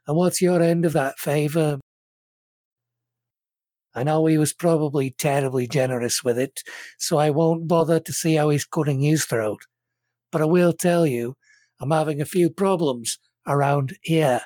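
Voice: medium pitch, dark tone, dry recording, close to an everyday voice. A game master playing a genteel, shrewd crime boss. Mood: businesslike. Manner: measured, formal, courteous menace.

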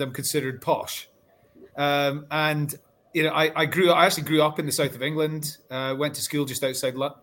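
A man from Scotland speaking as a guest on a panel discussion, telling stories in a chatty, animated way with frequent restarts. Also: a little high.

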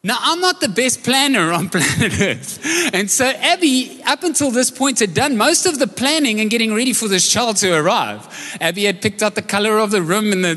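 South african guy preaching to a live church crowd, chatty and jokey, highish voice, big echoey hall. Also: sharp tone. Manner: conversational, jokey, asks the audience questions. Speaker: pastor. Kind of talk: sermon with personal stories. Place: church auditorium, live service. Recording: long hall reverb from a live service.

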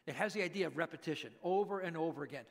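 A middle-aged male pastor preaching a sermon, dramatically acting out pleading voices and hushed prayers. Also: a little high, rapid-fire, creaky.

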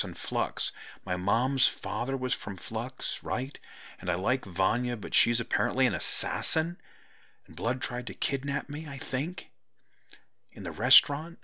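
A man's voice: on the low side, animated, measured pace, sharp tone, no room sound, studio quality, exaggerated voice. A man voicing a wary, questioning young woman in a hesitant, searching manner. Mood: thinking aloud.

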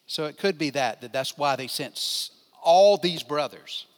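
High-voiced older man teaching in a hall. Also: fairly bright tone. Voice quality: asks the listeners questions and responds to them. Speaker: pastor teaching a Bible class. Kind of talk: conversational Bible teaching. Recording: long hall reverb.

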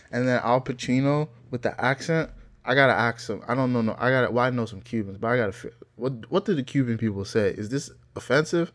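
A young man co-hosting a casual podcast chat, telling stories in an animated, slangy way with frequent laughs. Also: mid-range voice, fast. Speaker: podcast co-host.

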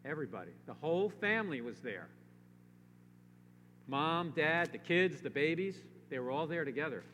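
A man's voice: fairly high pitch, big pitch swings, normal speed, pushed and bright. Emphatic male pastor in a reverberant sanctuary. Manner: emphatic, rising to pleading rhetorical questions. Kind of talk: sermon. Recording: long reverb, faint hum.

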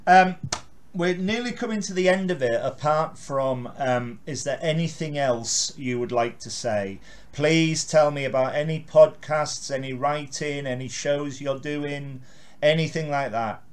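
A man's voice: a little high, unhurried. English guy hosting a chat over video call, lots of yeah yeah yeah, friendly. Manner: warm, frequent agreeing yeahs. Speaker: podcast host. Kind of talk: casual chat.

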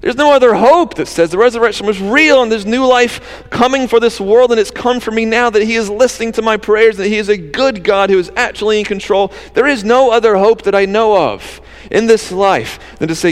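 Earnest high-voiced male preacher. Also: fairly quick, few pauses, long reverb tail. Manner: earnest, conversational preaching with rhetorical questions. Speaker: pastor. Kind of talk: sermon.

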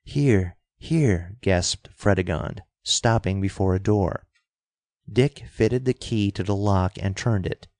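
A man narrating an adventure story in a steady, measured and dramatic audiobook style. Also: sits low, dry recording, clean studio sound.

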